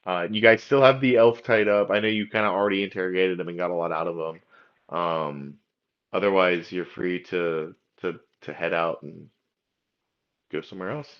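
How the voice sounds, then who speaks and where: A man runs a tabletop game as game master, narrating casually with plenty of fillers. His voice is very low, and the recording sounds dull and lo-fi. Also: fairly even intonation, normal speed. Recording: dull lo-fi audio.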